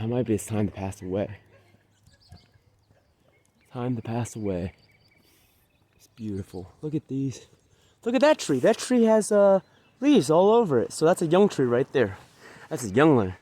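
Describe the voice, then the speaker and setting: A man's voice: mid-range voice, fairly bright tone. A man vlogging while walking outdoors, talking into a phone on a selfie stick, brash, boastful and profane, and out of breath. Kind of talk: casual walking vlog. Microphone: phone camera on a selfie stick.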